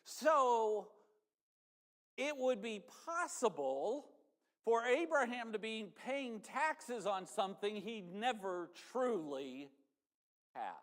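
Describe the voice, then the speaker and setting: A man's voice: high-pitched, very animated, slow, a bit bright. A man preaching a sermon in a church, conversational and folksy, speaking straight to the congregation. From northern United States. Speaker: pastor. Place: church sanctuary. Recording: church hall reverb.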